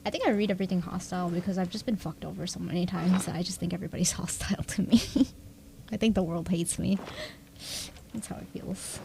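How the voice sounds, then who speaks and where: A woman's voice: fairly low pitch, steady tone, quick pace, creaky, background noise. A young adult woman livestreamer chatting casually with her viewers, rambling and self-deprecating, laughing often. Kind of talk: casual stream chat.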